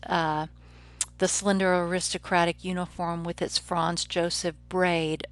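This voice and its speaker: A woman professor lectures on the sound of a poem, steady and explanatory. Her voice sits a bit low, and she slows right down whenever she reads a line aloud. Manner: measured, explanatory, slows down to read poetry lines aloud. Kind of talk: recorded literature lecture.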